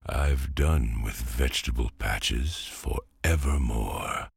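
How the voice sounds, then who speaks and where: A man's voice: extremely low pitch, slow pace, vocal fry, breathy edge, no echo, studio quality, full character voice. A man voicing a grand, lordly talking pumpkin in a bedtime storybook reading.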